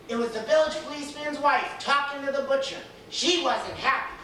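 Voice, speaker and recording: Playful woman telling a story, high lively voice, echoey room far from mic. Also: moderate pace, hardly any pauses, a little hiss or hum. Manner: playful, laughing often.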